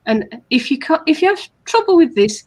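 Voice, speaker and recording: A woman's voice: high-pitched, very animated, normal speed, darkish tone. A woman co-hosting a casual coaching chat, patiently explaining steps and acting out sample compliments. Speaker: hypnotherapist co-host.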